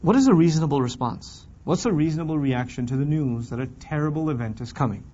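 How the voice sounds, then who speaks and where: A man with a somewhat high-pitched voice teaches a scripture class in a lively, conversational way. He keeps asking his listeners questions and acts out their complaints. The recording sounds dull and lo-fi. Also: quick pace, slight background noise. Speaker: Quran teacher.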